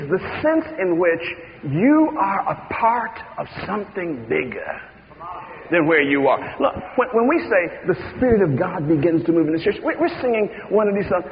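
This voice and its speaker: Man, preacher, sermon, high voice, hushed-to-shouting delivery, long hall reverb, muffled recording. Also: slight background noise. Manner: dramatic storytelling, swings from hushed to shouting.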